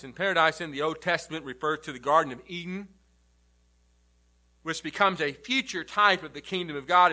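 A male pastor preaching a sermon, emphatic, rising loud and then dropping to a low, quiet delivery.

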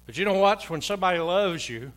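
A man's voice: high voice, expressive, fast talker, fairly bright tone. A man in his sixties, a pastor preaching a sermon in a church and telling personal stories in a folksy, chuckling way. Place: church sanctuary.

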